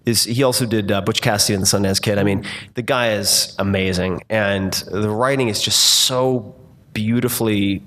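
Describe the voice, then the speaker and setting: Low-voiced man telling stories onstage. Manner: animated storyteller, quick asides and restarts. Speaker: guest. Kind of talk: live fireside chat. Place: stage before a live audience.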